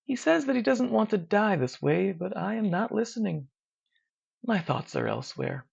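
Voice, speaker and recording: A narrator reading a dark first-person horror story in a slow, measured, hushed way. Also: mid-range voice, animated. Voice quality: gravelly. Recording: dull lo-fi recording.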